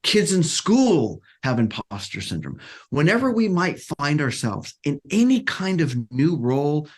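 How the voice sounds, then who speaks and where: A man career coach talking casually as a podcast guest, animated and acting out quotes, with frequent restarts. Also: a little high, measured pace. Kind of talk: casual interview talk.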